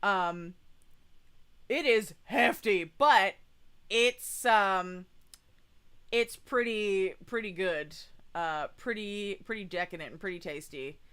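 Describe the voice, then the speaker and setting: A woman's voice: medium pitch, takes it slowly, a bit bright, smooth. A young woman chatting casually in a travel vlog voice-over, rambling with lots of fillers. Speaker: vlogger.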